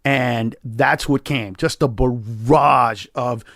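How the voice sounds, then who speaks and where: A man, a comedian guest on a podcast, telling a story in an emphatic, profane way and acting out quoted lines with sudden jumps in pitch. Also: steady tone, slow pace, fairly bright tone, dry recording, clean studio sound.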